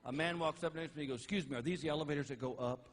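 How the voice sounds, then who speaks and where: A middle-aged man doing live stand-up comedy on stage, telling stories and landing each punchline slowly and loudly. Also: fairly high pitch, big-room sound. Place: large theater with audience. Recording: live stage recording with crowd laughter and noise. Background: audience laughing.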